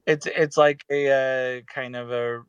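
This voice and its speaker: A man's voice: medium pitch, steady tone, slow, smooth, no room sound, dull audio. A man co-hosting a casual podcast discussion, talking in a rambling way with many fillers and restarts. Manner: rambling, hesitant, with frequent fillers. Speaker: podcast co-host.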